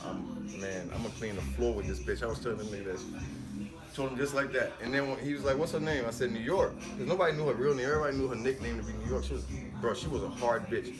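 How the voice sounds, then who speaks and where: A man telling a story in a casual podcast chat, animated and acting out the voices of the people in it. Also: medium pitch. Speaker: podcast guest.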